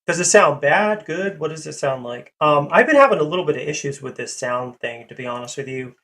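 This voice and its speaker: A man's voice: on the high side, lively intonation, brisk, fairly bright tone. A man hosting a casual livestream, rambling with many fillers as he greets viewers and reads chat. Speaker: livestream host.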